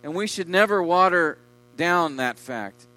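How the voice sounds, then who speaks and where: A man preaching a sermon with emphasis, his voice swelling loud on key words and dropping low. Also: lively intonation, measured pace, poor audio. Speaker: pastor.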